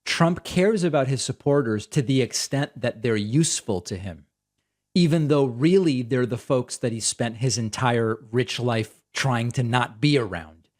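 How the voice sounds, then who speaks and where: A man's voice: medium pitch, unhurried. A man hosting a political talk show, giving sarcastic, incredulous commentary on news clips.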